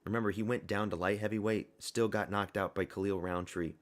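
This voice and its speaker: A man's voice: on the low side, steady tone, a little fast. A young man giving a casual, blunt and rambling fight review monologue, full of opinions and fillers. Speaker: MMA commentary YouTuber.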